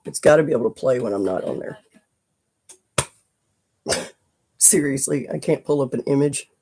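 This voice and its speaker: A face and body painter chatting casually through a live stream from a home studio, rambling and drifting into soft asides while painting. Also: mid-range voice, moderate pace, slight background noise.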